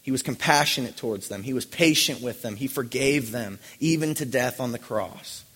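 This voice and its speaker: A man delivers an earnest sermon, firing rhetorical questions at his congregation. His voice sits at an ordinary pitch for a man. It rings with the long reverb of a church hall. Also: normal speed, a bit bright, husky. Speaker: pastor.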